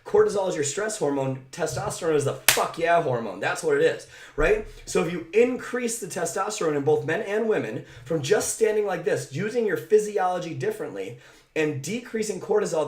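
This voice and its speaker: Breathless but emphatic, a man gives a motivational talk to camera as a mindset coach, speaking directly and checking in often with "right?". His voice is a little high for a man, and the camera mic records noticeable echo ringing around the room.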